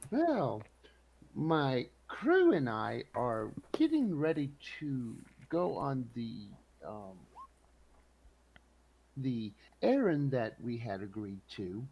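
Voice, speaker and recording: A man's voice: mid-range voice, huge pitch swings, slow pace, gravelly, a little mellow, slight background noise, exaggerated voice, low-quality recording. A man voicing a jovial male adventurer who greets a merchant effusively and haggles. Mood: bargaining.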